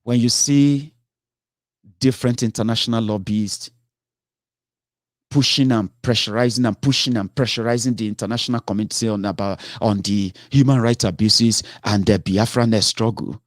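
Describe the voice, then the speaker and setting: A man's voice: fairly low pitch, fairly even intonation, moderate pace, dry recording, studio quality. A man giving impassioned political commentary, breaking into exasperated outbursts, repeating himself and restarting his sentences. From Nigeria.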